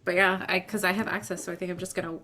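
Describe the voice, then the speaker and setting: A woman player in a tabletop game, speaking casually and calmly about her character's moves. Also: on the low side, racing.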